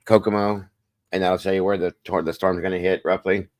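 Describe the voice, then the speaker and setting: Very deep-voiced man hosting a casual livestream. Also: brisk, no echo. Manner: chatty, greets and thanks viewers by name; relaxed, rambling, reads chat aloud. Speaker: livestream host.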